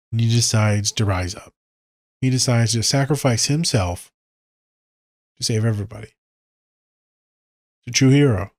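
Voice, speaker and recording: A man hosting a podcast, giving blunt, profane advice and telling animated stories in a casual monologue. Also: fairly low pitch, dry recording, clean studio sound. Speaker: podcast host.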